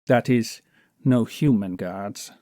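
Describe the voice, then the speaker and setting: A man reading an audiobook, voicing a fat, boastful male kidnapper who talks loudly and mocks his listener. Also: on the low side, slow, dry recording, clean studio sound. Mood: jeering. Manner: blustering, mocking, self-important.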